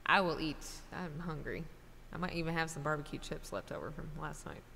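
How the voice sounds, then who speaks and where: A woman's voice: low voice, a little fast, creaky, pushed and bright, long reverb tail, slight background noise. A middle-aged woman chatting casually with her livestream viewers, rambling from one thought to the next. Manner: rambling, chatty, talks to chat directly. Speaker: livestreamer and singer. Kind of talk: casual stream chat.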